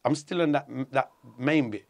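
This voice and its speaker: A middle-aged man from England, telling a story in an interview, animated and swearing a lot. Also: mid-range voice, moderate pace. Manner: animated, swearing, acts out voices. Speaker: guest.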